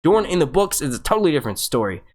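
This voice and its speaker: Brief: male stream host, slightly high voice, excitable, swears a lot, rambling live commentary. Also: rapid-fire. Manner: excitable, profane, rambling with restarts. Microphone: webcam setup.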